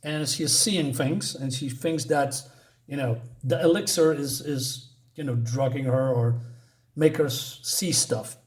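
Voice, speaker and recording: A man recapping a horror comic in a hesitant way, with many pauses and fillers. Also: medium pitch. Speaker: comic reviewer.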